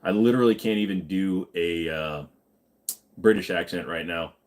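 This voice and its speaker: A man's voice: low-pitched, normal speed. A man in his forties, tired after hours of live streaming, chatting casually and joking as he reads out viewer comments, swearing freely.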